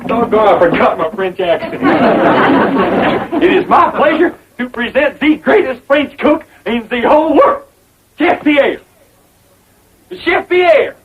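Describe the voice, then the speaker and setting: A man's voice: very high voice, lively intonation, unhurried, pauses often, some chatter behind, slight background noise. An actor playing a dim, boastful young hillbilly man, eager and goofy in a 1960s sitcom. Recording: dull old TV audio, loud studio laughter.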